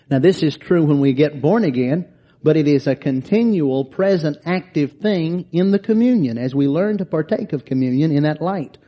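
A man delivers a sermon in a somewhat high but warm, mellow voice. He reads long scripture passages aloud and stops to explain them verse by verse. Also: moderate pace. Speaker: preacher.

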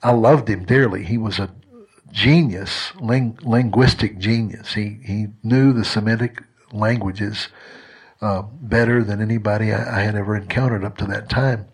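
A man's voice: fairly low pitch, steady tone, normal speed, husky. A man preaching a sermon in a conversational, earnest way, telling a personal story and often restarting his sentences.

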